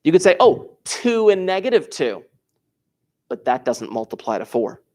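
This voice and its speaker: A man's voice: on the high side, very animated, normal speed, a little mellow. Male math teacher explaining step by step. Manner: explains step by step, repeats key points; stresses words for emphasis. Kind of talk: classroom lesson.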